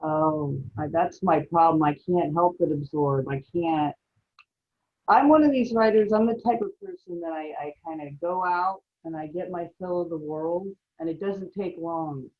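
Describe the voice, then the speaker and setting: Animated, lower-voiced woman panelist. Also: normal speed. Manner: animated, talkative, self-deprecating. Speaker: creative writing faculty panelist. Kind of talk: casual panel discussion. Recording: slightly muffled audio.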